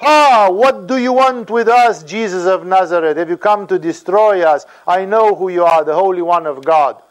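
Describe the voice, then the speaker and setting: A man's voice: sits high, normal speed, natural voice, low-quality recording. A man voicing a demon-possessed young man who cries out in fear and anger. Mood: crying out. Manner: crying out, provoked.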